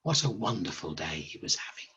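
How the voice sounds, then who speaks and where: A man telling a fable to a live audience in a slow, dry, understated way. His voice is husky and quite lively in pitch. The recording is dull and lo-fi. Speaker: storyteller. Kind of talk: live storytelling narration.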